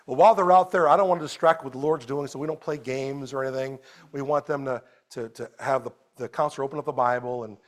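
A man preaching a sermon as a pastor at a church service, animated, moving between loud exclamations and quiet storytelling. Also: mid-range voice, quick pace.

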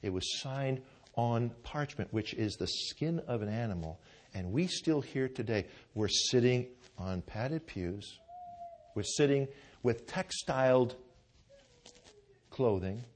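A man with a mid-range voice takes his time, though he stays animated, as he preaches in a church with pews. His sermon is fervent and conversational, punctuated by frequent "Amen?" prompts to the congregation and restarted phrases as he tells a story.

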